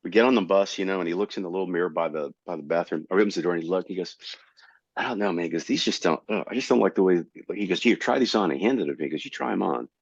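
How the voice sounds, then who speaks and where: A middle-aged male comedian telling stories in a casual interview, jumping into higher voices to act out what people said. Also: rapid-fire, gravelly, breathy edge, no room sound, lo-fi sound. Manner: animated, jumps into high voices to act out quotes. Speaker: comedian guest.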